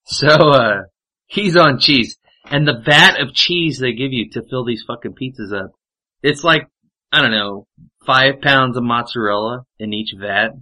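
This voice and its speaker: Profane, bright-voiced male storyteller. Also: medium pitch, measured pace, low-quality recording. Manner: profane, rambling anecdotes with frequent fillers. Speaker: podcast storyteller. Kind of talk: casual chat.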